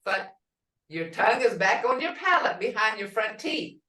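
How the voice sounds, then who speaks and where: A middle-aged woman teaching pronunciation, speaking slowly and repeating each word to drill its sounds. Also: mid-range voice, lively intonation, pushed and bright. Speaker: language teacher. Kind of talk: pronunciation lesson. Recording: echoey room from far off.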